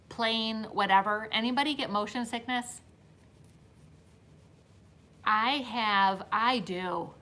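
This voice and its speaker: A woman's voice: mid-range voice, bright, forceful tone. A woman in her fifties hosting a casual live-stream chat, telling stories to her viewers and laughing often. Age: 50s. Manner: chatty storyteller, talks straight to viewers, laughs often. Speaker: host.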